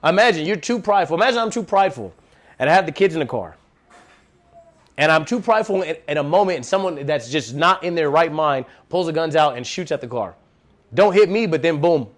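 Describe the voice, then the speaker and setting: Man, slightly high voice, laid-back church talk, slangy, animated, calls everyone bro. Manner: animated, acts out quotes. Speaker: lay speaker at a church gathering. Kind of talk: casual devotional talk.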